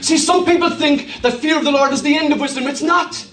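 A man with an Irish accent preaching a sermon to a church, telling jokey stories in an animated way, often laughing as he talks. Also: very high voice, a little fast, recorded from a distance. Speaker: pastor. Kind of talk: sermon with humorous storytelling. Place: large church hall. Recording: echoey church hall, from off-mic.

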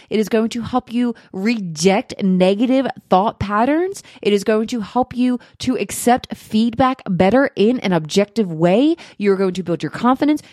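A woman's voice: medium pitch, darkish tone, dry recording, clean studio sound. A woman giving upbeat, chatty self-help advice straight to her viewers, laughing often. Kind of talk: encouraging direct-to-camera talk.

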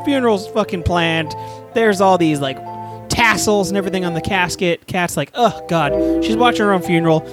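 A man's voice: high-pitched, a little fast, music in the background. A man improvising a comic story, profane and laughing as he rambles.

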